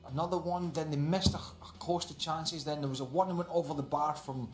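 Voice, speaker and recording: A man's voice: a little high, fairly even intonation, brisk, soft background music. A man on a football panel, breaking down a match in an analytical, dry-humoured way. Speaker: football pundit. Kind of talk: studio panel chat. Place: TV studio. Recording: roomy studio sound.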